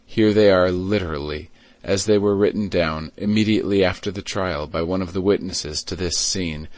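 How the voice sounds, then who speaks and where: Man, audiobook narrator, measured reading, low pitch, dry sound. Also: no room sound. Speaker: audiobook reader. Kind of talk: scripted narration.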